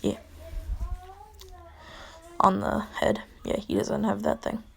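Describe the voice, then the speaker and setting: Woman storyteller, rambling, slow, gravelly, husky. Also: mid-range voice, flat delivery. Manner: rambling, full of "like". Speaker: fan storyteller. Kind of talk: casual storytelling.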